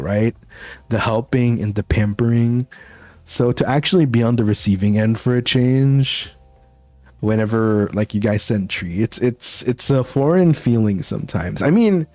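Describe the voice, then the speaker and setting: A man's voice: mid-range voice, darkish tone, no room sound. A male VTuber chatting casually with his viewers, rambling and laughing often. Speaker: VTuber streamer.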